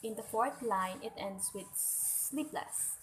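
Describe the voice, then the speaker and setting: A woman's voice: a little high, slow pace, slight background noise, poor audio. Woman explaining poetry analysis steps. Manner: instructive, steady step-by-step delivery. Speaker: student presenter.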